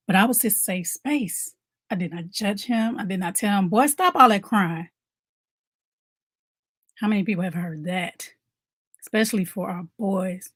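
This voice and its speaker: A woman's voice: mid-range voice, no echo. Dry-sounding woman coaching fellow moms. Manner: conversational, repeats key points, asks viewers questions. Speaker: mom coach. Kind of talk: motivational talk to camera.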